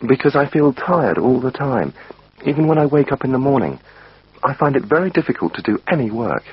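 A man's voice: medium pitch, big pitch swings, fairly quick, breathy edge, no room sound, pitched above the performer's own voice, exaggerated voice. A man voicing a worried, overworked male patient who speaks anxiously, reading a textbook dialogue. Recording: dull lo-fi recording.

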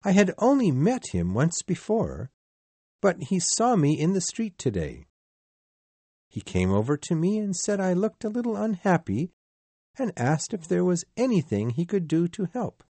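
A man voicing a kindly, grief-worn working father who talks slowly and gently in a storybook reading. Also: sits high, huge pitch swings, dry recording, voice pushed up, heavily acted. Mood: gentle. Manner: slow, gentle, tearful.

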